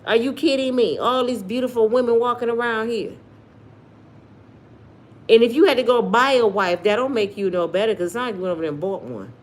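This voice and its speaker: Animated, sassy woman with a Black American accent. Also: on the high side, brisk. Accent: African American English. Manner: animated and sassy, addresses viewers directly. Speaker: commentary vlogger reading live chat. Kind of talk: live-stream commentary.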